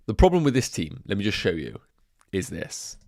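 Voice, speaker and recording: A man's voice: lowish voice, big pitch swings, normal speed, darkish tone, no echo, clean studio sound. A man with a congested nose, chatting casually to viewers on a livestream, thinking aloud as he goes. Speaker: fantasy football streamer. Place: home room.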